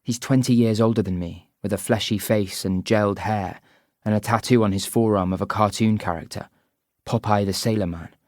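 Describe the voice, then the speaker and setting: A man reading a first-person audiobook narration in an even, measured way. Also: fairly low pitch, no echo, clean studio sound.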